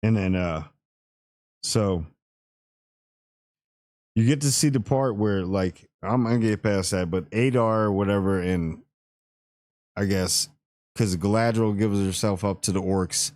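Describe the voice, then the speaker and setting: A man's voice: sits low, unhurried, long pauses, a little mellow, no echo, studio quality. A man hosting a casual spoiler review, rambling and slangy with playful asides. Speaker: TV review channel host.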